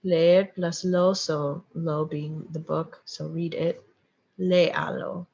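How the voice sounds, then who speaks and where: A woman's voice: low-pitched, flat delivery, slow, gravelly, darkish tone. A woman teaching a Spanish lesson, explaining step by step with frequent "okay" and "um". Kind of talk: recorded lecture with slides. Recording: dull lo-fi recording.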